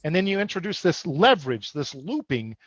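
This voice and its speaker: A man hosts a live sales show over a video call with an upbeat, hype-driven pitch. His voice sits a little high. The sound is dull and dry. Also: big pitch swings, fairly quick, husky, dry recording. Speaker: host.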